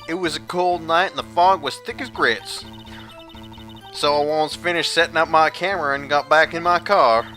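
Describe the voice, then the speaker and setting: A man's voice: fairly high pitch, sharp tone. A man voicing a brash female photographer witness in a put-on American Southern accent, reading game dialogue.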